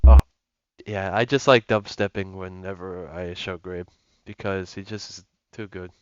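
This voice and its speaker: A man's voice: deep voice, fairly even intonation, normal speed. A young man giving casual gameplay commentary as a gaming YouTuber, rambling with lots of fillers and restarts. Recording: lo-fi with music and mains hum.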